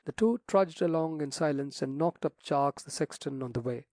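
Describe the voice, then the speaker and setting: A man narrating a classic mystery audiobook in a measured storytelling read. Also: a little high, a little mellow, no echo. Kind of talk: scripted narration.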